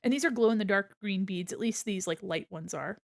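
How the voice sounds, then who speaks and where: A woman's voice: medium pitch, fairly quick, vocal fry, dry recording, studio quality. A woman hosting a stream who chats casually and rambles, distracted while she beads small crafts. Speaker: streamer host.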